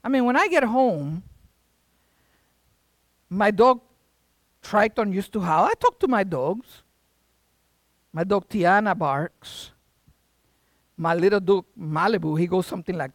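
A man preaching a sermon, retelling a Bible story in a casual, animated way, with sound effects and asides. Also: high-pitched, unhurried, long pauses, no echo.

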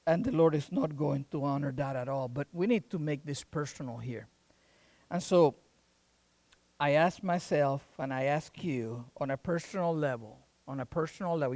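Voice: mid-range voice, moderate pace, darkish tone, no room sound. A preacher delivering a sermon with emphatic rhetorical questions and folksy asides.

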